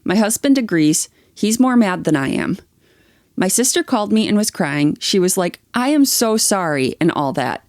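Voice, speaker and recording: A woman's voice: lowish voice, animated, normal speed, darkish tone, dry recording, studio quality. A young adult woman co-hosting a podcast, reading online posts aloud and chatting with blunt, swearing opinions. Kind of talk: reading aloud and casual chat.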